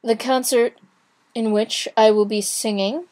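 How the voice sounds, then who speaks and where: A young woman talks to camera in an unhurried, chatty way, pausing and restarting as she retells her day. Her voice sits a little high and she acts out other people's lines as she goes. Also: fairly even intonation, a little mellow. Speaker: vlogger. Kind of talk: casual chat.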